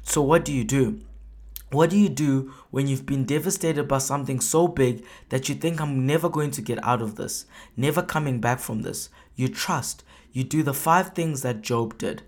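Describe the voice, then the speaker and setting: A preacher delivers a sermon with steady emphasis. Rhetorical questions drive the talk forward, and the quoted prayers come out louder and more animated than the surrounding speech. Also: medium pitch, normal speed.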